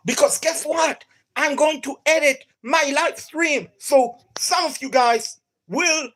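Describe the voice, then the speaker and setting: A woman's voice: sits high, measured pace. Hyped up lady gamer with an accent, streaming live and talking to chat. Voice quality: non-native accent. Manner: extremely energetic, enthusiastic. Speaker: gaming streamer.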